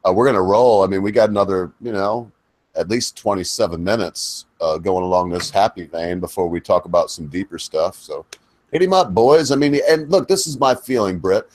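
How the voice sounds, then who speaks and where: Talking a little fast in a low, darkish voice, this middle-aged chat show host keeps things casual with wandering questions that slide into rants.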